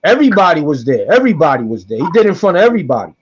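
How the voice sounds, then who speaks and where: A middle-aged man telling a story on a podcast in a casual, animated way, acting out the voices of the people in it and repeating lines for emphasis. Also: a little high, rapid-fire, a crowd in the background. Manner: animated, acts out quoted voices, repeats himself. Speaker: guest storyteller. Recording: dull lo-fi podcast audio.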